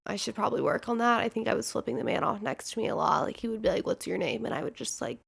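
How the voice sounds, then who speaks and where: Woman, twenties, podcast host, chatty storytelling, lots of fillers, fry in the voice. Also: a little high, expressive, fast. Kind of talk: casual storytelling monologue.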